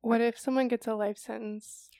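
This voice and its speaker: A young woman with a fairly high voice chimes in casually as a podcast co-host. She reacts with short interjections and asks quick follow-up questions. The sound is dry, with no room echo. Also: little pitch movement, mellow. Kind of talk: casual chat.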